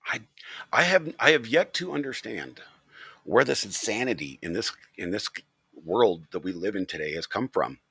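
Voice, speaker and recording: A man's voice: on the low side, expressive, moderate pace, vocal fry, sharp tone, slightly rough, dry recording, studio quality. A man hosting his channel, talking straight to the camera in a blunt, profane, opinionated rant. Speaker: channel host.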